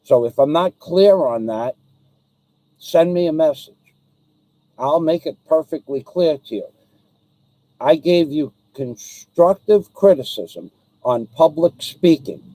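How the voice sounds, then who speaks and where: A man hosting his own live stream talks straight to a viewer, aggrieved and repetitive, stopping often on ums and restarts. His voice sits a bit high yet sounds mellow. The recording is close and dry, with no room echo. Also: lively intonation, slow, pauses often. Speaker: livestream host.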